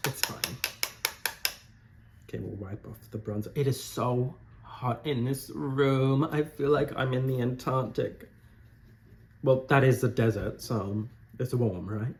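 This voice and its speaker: A campy young man talks through his makeup in a relaxed, rambling way, tossing out gossipy asides as he goes. His voice sits in an ordinary middle register. A faint hiss of noise hangs under him. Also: mid-range voice, measured pace. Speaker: drag queen makeup tutorial host. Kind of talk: casual chatty talk while doing makeup. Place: warm room at home.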